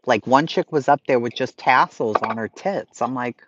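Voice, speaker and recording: Man, Boston accent, mid-pitched voice, swearing, ranting, casual livestream chat, lo-fi sound. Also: moderate pace, hardly any pauses, a bit bright, slight background noise. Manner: blunt, profane, ranting. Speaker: livestream host reading chat. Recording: slightly lo-fi stream audio.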